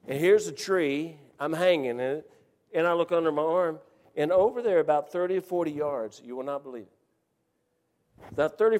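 A man with a fairly high voice tells a comic personal story with lively energy, laughing along as the tale builds. His voice carries a long reverb, as if spoken in a large hall. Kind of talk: animated personal anecdote.

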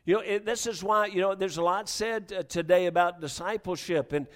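A middle-aged male preacher giving a sermon, often restarting words and swinging between quiet storytelling and loud exhortation. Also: high voice, a little fast.

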